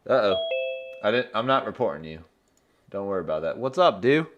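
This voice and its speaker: Male host, very low voice, laid-back joking chat with guests. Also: very animated, fairly quick, highs cut off, slight background noise. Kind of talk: casual livestream chat.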